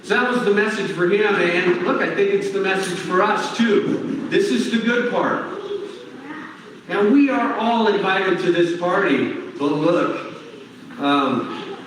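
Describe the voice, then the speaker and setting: A man's voice: high voice, measured pace, a bit bright, a little hiss or hum. A man preaching a folksy, conversational sermon for a prison ministry, recorded in a church. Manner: folksy and conversational, leans on "look" and "I tell you what". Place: church sanctuary. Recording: echoey hall, heard from far off.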